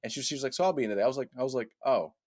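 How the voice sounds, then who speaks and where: A young man in his twenties, co-hosting a podcast and telling a story in casual chat, animated, laughing and repeating "I was like". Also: medium pitch, rapid-fire, dry recording, studio quality. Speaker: podcast co-host.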